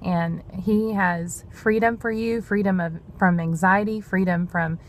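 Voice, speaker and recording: Near tears, a female vlogger shares prophetic words in a devotional video, speaking earnestly and somewhat rambling, with the occasional "y'all." Her lowish voice stays steady and a little slow, over slight background noise.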